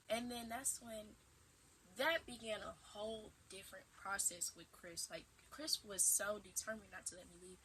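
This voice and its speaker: A woman in her twenties tells a casual storytime vlog at home in a bright, forward voice. She talks animatedly and acts out dramatic retorts. The camera mic picks her up in an ordinary room. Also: medium pitch, steady tone, moderate pace, a little hiss or hum, rough recording. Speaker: vlogger.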